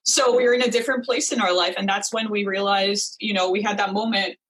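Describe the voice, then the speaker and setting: A woman in her thirties answers questions as a podcast guest. Her voice sits at a middle pitch. She speaks conversationally, leaning on "you know" as she goes. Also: steady tone, fast talker, fairly bright tone, slightly rough, rough recording. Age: 30s. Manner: conversational, frequent "you know"s and light laughs. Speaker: guest, business founder. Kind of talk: casual interview.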